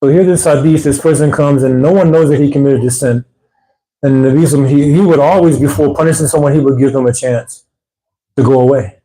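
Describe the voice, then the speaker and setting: A man teaching at a weekly mosque gathering, talking in a conversational, rambling way and getting animated when he quotes people. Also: medium pitch, a little fast, poor audio. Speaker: religious teacher. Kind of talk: informal religious talk.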